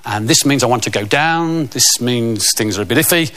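A man's voice: mid-range voice, normal speed, a bit bright. A middle-aged man telling a rambling, self-mocking comic story.

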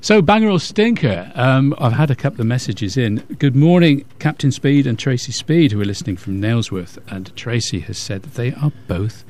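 A man's voice: mid-range voice, lively intonation, moderate pace, few pauses, a little mellow. A male radio co-host in a studio with a mid-range voice. He sounds wry and playful as he trades quips and runs through listener messages. His delivery is casual and conversational. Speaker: radio co-presenter.

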